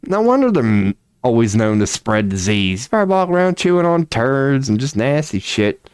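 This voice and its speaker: A man's voice: medium pitch, very animated, normal speed, smooth, no room sound. A man streaming casually from a small room at home, swearing, laughing and talking to a mouse. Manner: profane, laughing, talks to a mouse. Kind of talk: casual solo stream chat.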